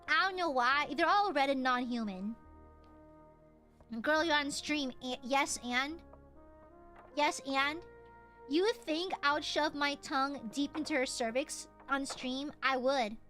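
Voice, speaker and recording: Playful high-voiced woman streamer. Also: sharp tone. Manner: playful, crude, laughs often. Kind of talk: casual game streaming chat.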